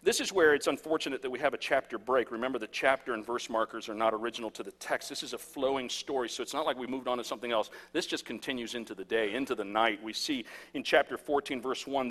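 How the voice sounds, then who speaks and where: A man in his thirties, a pastor preaching a sermon and telling stories, swinging from hushed to loud. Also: mid-range voice, fast, hardly any pauses. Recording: echoey hall.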